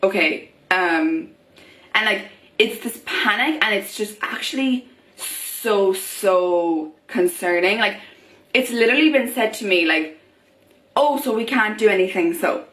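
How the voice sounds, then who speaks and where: A woman's voice: mid-range voice, expressive, unhurried, a bit bright. A young woman vlogging in a chatty way, full of fillers, acting out the voices of people she quotes. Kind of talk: casual talk to camera. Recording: echoey room.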